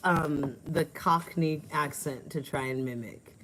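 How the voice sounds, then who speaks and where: Chatty woman livestream host, low voice, laughs easily, outdoors at home on a phone stream. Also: takes it slowly, fairly bright tone, a little hiss or hum. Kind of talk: casual live chat, reading viewer comments.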